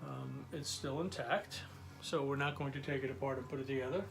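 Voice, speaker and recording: A man's voice: medium pitch, steady tone, fairly quick, gravelly, over music. A man, chatty and enthusiastic, showing his collection with many fillers in a casual vlog. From New York, USA. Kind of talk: casual show-and-tell vlog.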